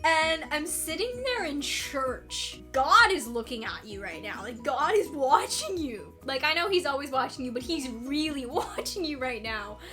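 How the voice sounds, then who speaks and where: A woman in her twenties telling a confessional story in a vlog, animated and dramatic, laughing often. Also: high-pitched, unhurried, hardly any pauses, over music. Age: 20s. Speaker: vlogger.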